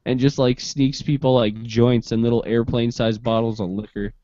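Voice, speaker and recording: A man's voice: medium pitch, level tone, moderate pace, warm tone, no echo. Joking man on a dry lo-fi stream. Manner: joking, crude, plays skits. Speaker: show host. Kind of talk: casual panel chat. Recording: dry, dull lo-fi stream audio.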